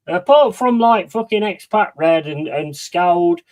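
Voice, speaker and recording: A man's voice: sits high, expressive, unhurried, darkish tone, rough recording. A man streaming a football watch-along, talking in a heated, blunt, sweary casual rant. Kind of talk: casual ranting stream chat.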